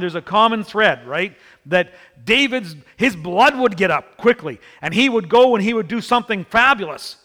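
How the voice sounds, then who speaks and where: A man preaching a sermon, telling the story in an animated way and acting out the people in it. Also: sits high, long reverb tail. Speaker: pastor.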